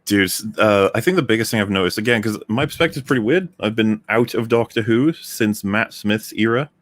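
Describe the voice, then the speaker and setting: A man's voice: fairly low pitch, a little fast. A man in casual chat as a podcast co-host, acting out lines of dialogue and swearing freely. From England.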